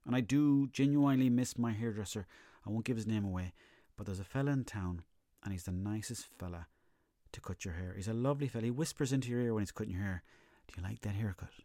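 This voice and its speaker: A man's voice: fairly low pitch, fast talker, mellow, no room sound, studio quality. A young Irish man hosting a comedy podcast, telling rambling, profane stories in a casual monologue. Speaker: podcast host.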